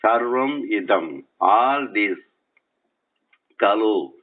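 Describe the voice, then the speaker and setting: A man giving a spiritual lecture while lying in bed, speaking slowly and deliberately and repeating and spelling out words, recorded on a cell phone resting on his chest. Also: lowish voice, animated, phone-quality sound. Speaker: spiritual teacher. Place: bedroom at night.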